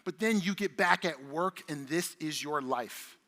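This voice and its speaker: Middle-aged male keynote speaker, high pitch, brash and profane, working the room in a big reverberant hall. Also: a little slow. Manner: animated, profane, chatty with the audience. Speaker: conference speaker. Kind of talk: energetic keynote talk. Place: large conference hall stage. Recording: long reverb of a large conference hall.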